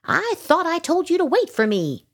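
A woman's voice: extremely high pitch, wildly swooping pitch, moderate pace, pitched above the performer's own voice, full character voice. A woman voicing a fussy, motherly ladybug in a storybook reading, prim and scolding but polite. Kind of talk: storybook read-aloud.

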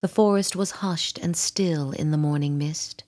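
A woman reading a children's storybook aloud, gentle and expressive. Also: low-pitched, unhurried. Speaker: narrator.

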